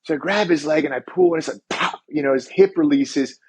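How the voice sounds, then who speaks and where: A man's voice: on the high side, a little fast, husky. A man, a chiropractor guest on a podcast, telling a story in casual chat and acting out the dialogue, swearing now and then.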